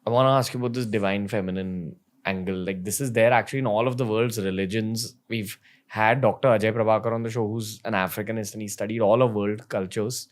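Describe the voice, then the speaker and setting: A man's voice: lowish voice, fairly even intonation, a little fast. A man hosting an interview and asking curious, conversational questions. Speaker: podcast host. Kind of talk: interviewing a guest.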